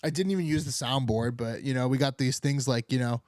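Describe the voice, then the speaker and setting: A man's voice: medium pitch, fairly quick, no echo, studio quality. A young man hosting a political comedy podcast, talking in a rambling, sarcastic way with lots of filler words. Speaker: podcast host. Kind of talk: unfiltered political comedy monologue.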